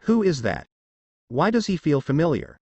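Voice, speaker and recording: A man's voice: on the high side, very animated, moderate pace, warm tone, dry recording, dull audio, voice pushed up. A man voicing a suspicious, hot-tempered young male demigod warrior in a story narration. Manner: suspicious, defiant.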